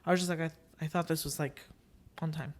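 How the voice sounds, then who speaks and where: In a low, fast voice, a young woman hosting a podcast tells a casual story. Her retelling is lively, with characters' words acted out and Spanish filler phrases tossed in.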